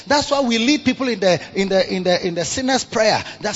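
A man preaching a sermon. He repeats himself and swings between low murmurs and loud bursts of emphasis. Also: very animated, a little fast, hardly any pauses, highs cut off, soft background music.

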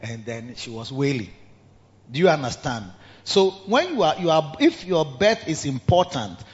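A man's voice: fairly high pitch, very animated, normal speed. A man with a Ghanaian accent preaching a sermon as pastor, emphatic and calling out to the congregation in a large cathedral. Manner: emphatic, call-and-response preaching. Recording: reverberant hall, dull lo-fi sound.

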